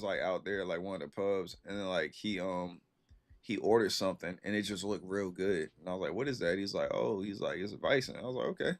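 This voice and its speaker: A young man, streaming from his computer and casually chatting with viewers in slangy, laid-back stories. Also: on the low side. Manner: laid-back slangy storytelling, reacting to chat.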